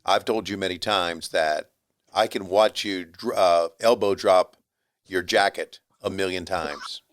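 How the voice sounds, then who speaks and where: A man's voice: deep voice, fairly even intonation, unhurried. A man hosting a podcast, chatting casually with a guest and introducing the next one. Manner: short affirming backchannels, warm introductions. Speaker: podcast host. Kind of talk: casual interview chat.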